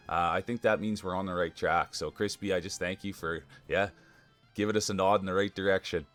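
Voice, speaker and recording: A man streaming live, chatting casually and excitedly with his viewers and thanking them by name. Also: low voice, a little fast, soft background music. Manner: excitable, talks straight to chat.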